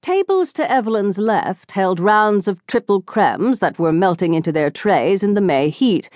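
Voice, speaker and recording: An audiobook narrator reads a novel in an expressive voice, her pitch medium and her pace measured. The scripted narration has no room sound.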